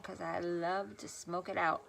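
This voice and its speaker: A woman's voice: on the low side, little pitch movement, a little slow, gravelly, a bit bright. A woman beauty vlogger chatting casually through a makeup tutorial, rambling and self-deprecating, filmed on her phone at home. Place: home room, filming on a phone. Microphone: phone camera.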